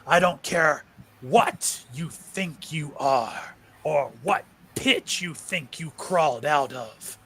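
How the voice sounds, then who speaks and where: A man voicing a proud, defiant revived man who speaks louder and higher than the narration. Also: slow, breathy edge, full character voice.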